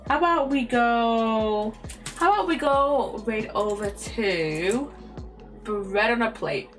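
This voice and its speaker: A young British woman streams a game with a slightly high, fairly bright voice, speaking slowly. She chats casually and meanderingly, often tripping over words and giggling, with faint lofi music in the background.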